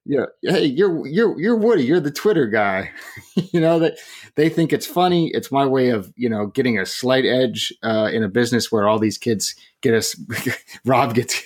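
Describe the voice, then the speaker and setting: A man's voice: medium pitch, expressive, normal speed. A man co-hosting a podcast in casual chat, joking and chuckling as he talks. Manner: chatty, laughing often, self-deprecating jokes. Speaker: podcast co-host.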